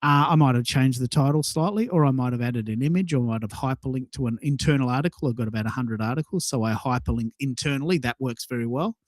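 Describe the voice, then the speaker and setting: A man's voice: mid-range voice, fast talker, hardly any pauses, dry recording. A man co-hosting a podcast, talking casually and enthusiastically, often repeating and restarting words. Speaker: podcast co-host. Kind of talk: casual chat.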